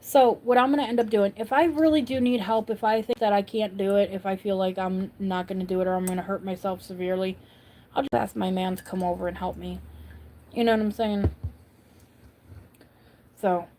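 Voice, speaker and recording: Mellow-voiced woman chatting on a livestream. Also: mid-range voice, fairly even intonation, fairly quick, slight background noise. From upstate New York. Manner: chatty, answers viewers' comments as she goes. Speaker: livestream host. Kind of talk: casual livestream chat.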